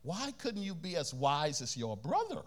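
A woman's voice: medium pitch, animated, measured pace, lightly acted. A man with a Bahamian accent playing a stern elderly grandmother who firmly scolds her grandchild.

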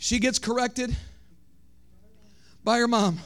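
A male pastor, preaching a sermon that swings from shouted, sung lines to quiet talk. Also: extremely high pitch, steady tone, slow, smooth. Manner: preaching, shouting and half-singing in rises, then dropping soft.

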